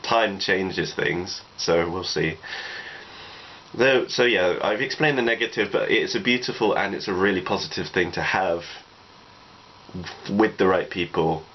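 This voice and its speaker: Speaking a little slowly in a low voice, a vlogger in his twenties reflects on personal advice in a rambling, casual monologue peppered with "you know." Faint noise sits under the dull, lo-fi recording.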